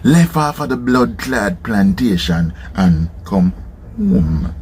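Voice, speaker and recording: Man, Jamaican patois accent, casual storytelling, lively pitch, faint background noise. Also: takes it slowly. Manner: animated, keeps checking in with "seen?".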